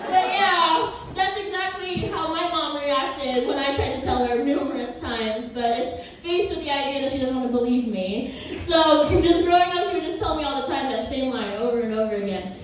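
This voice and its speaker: A woman's voice: sits high, moderate pace, few pauses, a little hiss or hum. A young woman in her twenties doing a stand-up comedy set, with a playful, self-mocking, chatty manner. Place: comedy club with live audience. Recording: roomy, distant live club recording.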